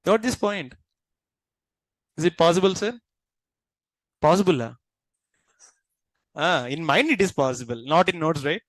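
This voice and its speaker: A man, lecturing a class as instructor and constantly checking understanding with quick questions. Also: fairly high pitch, expressive, no echo, rough recording.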